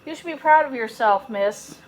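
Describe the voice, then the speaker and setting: A woman's voice: on the high side, normal speed, slight background noise, natural voice. A woman reading a storybook aloud and voicing a kind, friendly woman post office clerk. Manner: warm, friendly and encouraging.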